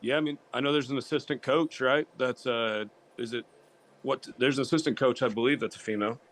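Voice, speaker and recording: A man co-hosting a relaxed sports talk show, with a middle-pitched voice. He rambles and circles back over his points, padding them with fillers. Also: fairly quick. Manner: rambling, repeats himself with many fillers. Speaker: co-host.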